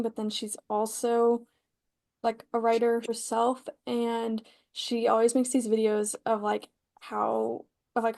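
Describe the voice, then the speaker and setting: Young woman cohosting a podcast, kinda high voice, rambly casual chat. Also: gravelly, darkish tone. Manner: chatty, lots of likes and restarts. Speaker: podcast co-host. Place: home, on a call.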